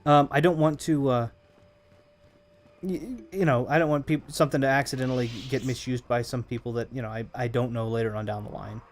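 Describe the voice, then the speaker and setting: A man's voice: medium pitch, steady tone, fairly quick. Chatty man streaming a game. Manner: chatty and rambling, answering viewers while playing. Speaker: streamer playing a video game. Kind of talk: casual live-stream commentary.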